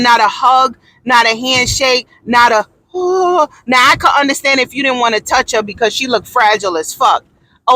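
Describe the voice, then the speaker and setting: A woman giving a loud, theatrical, profane comedic rant, indignant and often yelling. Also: fairly high pitch, no room sound. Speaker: vlogger.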